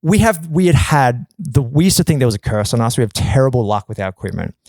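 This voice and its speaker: A man telling a long, animated story in a casual podcast chat, often swearing and acting out quotes in a loud, high voice. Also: fast, dry recording. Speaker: podcast guest.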